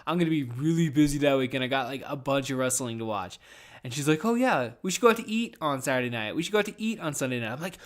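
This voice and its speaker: Speaking fast and with plenty of animation, this medium-pitched young man rambles through a relaxed solo podcast from his bedroom. As host, he keeps things casual and profane throughout.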